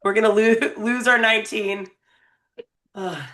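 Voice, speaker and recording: A woman's voice: fairly high pitch, fairly even intonation, unhurried, a bit bright. A woman in her thirties co-hosting a podcast, chatting casually and playfully, laughing often. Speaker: podcast co-host. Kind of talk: casual chat.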